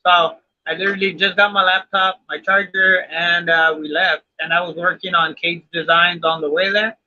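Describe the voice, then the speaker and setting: A man's voice: high voice, steady tone, moderate pace, few pauses, bright, forceful tone. A man from Texas talking as a guest in a casual live video chat, rambling with lots of fillers. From Texas, USA. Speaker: guest modeller. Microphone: video call. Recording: dull lo-fi video call.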